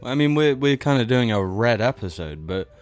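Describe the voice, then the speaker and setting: A man's voice: mid-range voice, animated, moderate pace, clear, resonant tone, faint music behind. A young man co-hosting a podcast, blunt and sweary, giving dry opinions in casual chat. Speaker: podcast co-host.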